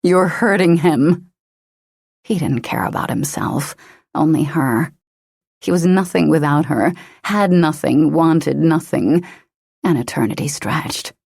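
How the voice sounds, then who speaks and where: Low, husky woman narrating an audiobook. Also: a little slow, darkish tone, dry recording, clean studio sound. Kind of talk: scripted narration.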